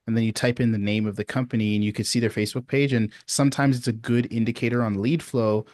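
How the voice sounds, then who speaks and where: A man giving casual sales advice on a video support call, relaxed and chatty, often asking "you know what I mean?". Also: medium pitch, fast talker, no echo. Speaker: sales coach.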